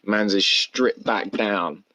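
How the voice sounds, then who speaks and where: A man hosts a casual solo podcast, rambling candidly and swearing constantly. His voice is on the low side, slow, bright and forceful, captured on a dull lo-fi recording.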